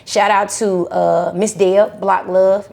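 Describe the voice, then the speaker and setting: Podcast guest, woman, animated storyteller who acts out the voices in her stories. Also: medium pitch, takes it slowly, creaky. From Charlotte, North Carolina. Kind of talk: conversational storytelling interview.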